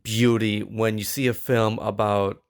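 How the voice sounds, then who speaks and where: A man with a fairly low voice co-hosts a podcast in a loose, casual chat. He talks in an animated way, stammers and restarts, and throws in quick asides. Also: clean tone. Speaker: podcast co-host.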